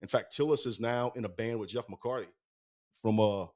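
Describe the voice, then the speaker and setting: A man's voice: medium pitch, steady tone, darkish tone. A man telling rambling band stories as a podcast guest, swearing constantly. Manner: fast-talking, heavy swearing, rambling anecdotes. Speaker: guest musician. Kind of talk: casual storytelling. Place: podcast studio.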